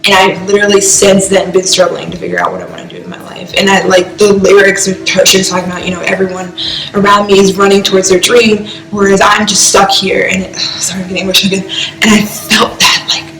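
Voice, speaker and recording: A young woman from the American East Coast talks through a casual reaction vlog at an ordinary pitch. She is emotional and rambling, with constant "like" fillers. The room sounds echoey, and faint music plays behind her. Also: fast talker, fairly bright tone. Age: young adult. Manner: rambling, heavy use of "like", emotional.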